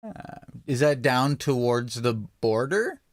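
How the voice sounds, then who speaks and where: A man's voice: medium pitch, sing-song, slow, no echo, clean studio sound. A Western Canadian man co-hosting a casual game stream, full of teasing, jokey banter. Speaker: livestream co-host. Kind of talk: casual gaming stream chat.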